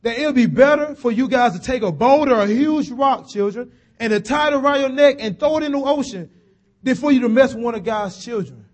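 A man preaching a sermon in a folksy, chatty way, slowing down and dropping low on key phrases and rising on emphasis. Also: lively intonation, darkish tone.

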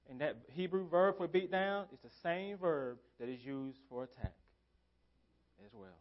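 A man's voice: a little high, animated, normal speed, lo-fi sound. Man preaching with emphatic repetition. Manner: emphatic preaching with repeated phrases. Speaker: pastor. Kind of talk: sermon. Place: church sanctuary.

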